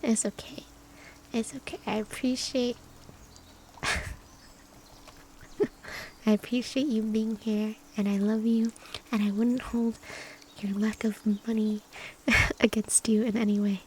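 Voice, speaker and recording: Woman ASMR streamer, whispered stream chat, playful and teasing, a touch high-pitched. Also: steady tone, slow pace, pauses often, a little mellow, slight background noise. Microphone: binaural or USB mic.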